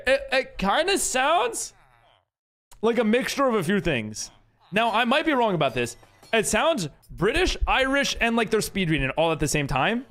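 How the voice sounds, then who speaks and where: His voice is extremely high-pitched and fairly bright as this young streamer plays a game live. He keeps up a chatty patter, voicing viewers' messages and reacting to them.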